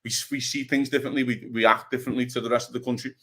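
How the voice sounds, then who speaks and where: A man's voice: medium pitch, fairly even intonation, rapid-fire, bright, forceful tone. A fired-up Scouse man riffing on football with a co-host, his voice sitting in an ordinary middle register. He talks with heart and lets the odd swear word slip, in an easygoing podcast chat. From Liverpool, England. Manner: passionate, swears freely.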